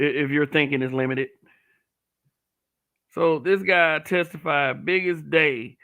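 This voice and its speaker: A man's voice: a little high, sharp tone. A man giving blunt, profane commentary, often restarting and stammering over his words. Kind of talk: casual commentary to camera.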